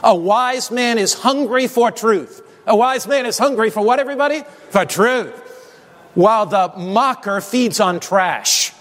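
This preacher's voice is high, slightly bright, and animated, yet his delivery is unhurried. He presses the congregation to answer back during an emphatic sermon, with long reverb filling the church sanctuary.

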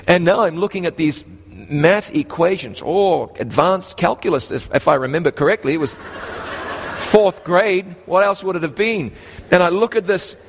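A man from New Zealand with a New Zealand accent, preaching a storytelling sermon with animated swings in pitch and slow, emphatic phrases. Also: a little hiss or hum. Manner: animated, rises and drops sharply in pitch, slows for emphasis. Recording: long hall reverb.

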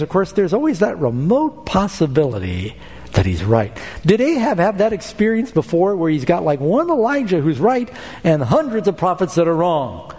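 Brief: male pastor, emphatic storytelling sermon, voice a touch high, long hall reverb. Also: a little mellow.

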